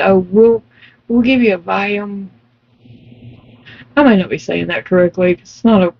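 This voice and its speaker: A woman's voice: fairly low pitch, vocal fry, lo-fi sound. A woman chatting casually while crocheting, telling her story emphatically and laughing often. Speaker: vlogger.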